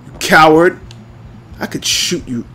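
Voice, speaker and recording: A man's voice: a little high, measured pace, pushed and bright, a little hiss or hum. A man commentating a video game playthrough with goofy mock-angry outbursts and apologies. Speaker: gameplay commentator. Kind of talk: let's play commentary.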